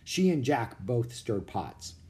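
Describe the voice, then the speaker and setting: A male narrator reading a children's chapter book aloud. His pitch sits in the middle, but his delivery is animated and expressive, rising and falling with the story. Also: takes it slowly. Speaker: audiobook narrator.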